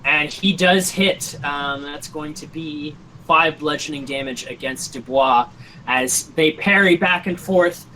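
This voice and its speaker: A man's voice: fairly high pitch, sharp tone, a little hiss or hum, low-quality recording. A young man narrating a tabletop game as game master on a voice call, rambling with lots of ums and likes.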